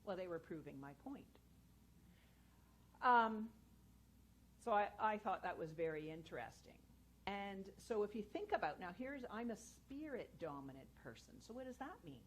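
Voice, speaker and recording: A woman's voice: medium pitch, sing-song, normal speed, slight background noise, poor audio. Earnest woman speaker telling personal stories. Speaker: guest speaker and educator. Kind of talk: inspirational talk to an audience. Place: spiritual centre hall with a live audience.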